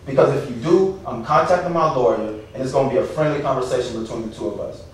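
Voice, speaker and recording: A man's voice: mid-range voice, fast talker. A man, a pastor speaking out with passion and indignation at a council meeting. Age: 30s. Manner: impassioned, rising to pleading and indignant. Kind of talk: public comment at council meeting. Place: council chamber. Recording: echoey room from far off with faint noise.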